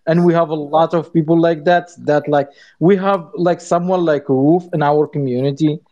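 Male speaker, fairly high voice, loose praising chat, dull muffled line. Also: steady tone, moderate pace, dark tone. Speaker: community member. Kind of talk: casual chat.

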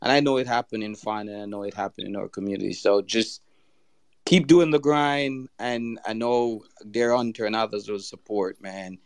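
Man with a low voice, encouraging and jokey, dry close sound. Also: normal speed, clean tone, no room sound. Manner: encouraging, joking. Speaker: community member. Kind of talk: casual encouragement.

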